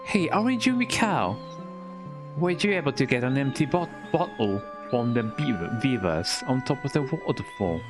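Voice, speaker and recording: A man's voice: mid-range voice, very animated, moderate pace, natural voice. A man reading out a friendly male fish-person's game dialogue in a raised, chatty put-on voice, with game music behind.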